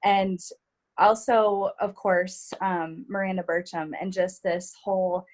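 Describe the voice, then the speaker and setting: A woman's voice: medium pitch, little pitch movement, a little slow. A woman enthusiastically sharing motivational takeaways in a casual way, filling her talk with "like" and "you know". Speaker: team member sharing takeaways.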